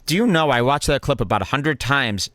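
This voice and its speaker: A man rants sarcastically as a podcast host, his pitch jumping all over the place. The sound is dry and close to the mic. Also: fairly quick, dry recording. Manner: sarcastic, animated. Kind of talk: mocking commentary on a clip.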